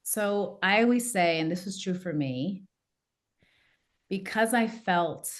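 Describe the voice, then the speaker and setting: A woman, a coach and podcast guest, telling a personal story in a lively way and acting out what her family said. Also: medium pitch, slow. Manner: animated, acts out quoted family members. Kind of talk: casual interview storytelling.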